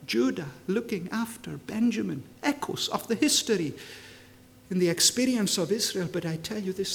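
A man preaching a sermon with passion, asking rhetorical questions and moving between hushed lines and ringing declarations. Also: high voice. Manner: impassioned, swinging from hushed to ringing. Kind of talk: expository sermon.

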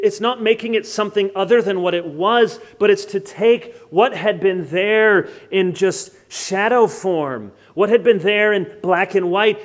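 An American man delivering a sermon in a fairly high voice for a man. He leans on key words by slowing right down, then picks the pace back up for wry, joking asides to the congregation. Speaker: pastor. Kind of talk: expository sermon.

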